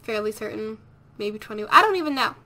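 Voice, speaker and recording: A woman's voice: mid-range voice, expressive, a little fast, bright, forceful tone. A woman hosting a let's play video, talking casually over her gameplay in a chatty, rambling way and correcting herself as she goes.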